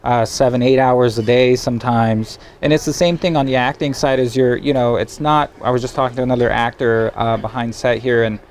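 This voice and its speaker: A man's voice: medium pitch, steady tone, fairly quick, few pauses, darkish tone, a little hiss or hum. A young man from Bulgaria, an actor, chatting easily as an interview guest with lots of fillers. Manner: easygoing, friendly, many fillers. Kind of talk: casual interview chat.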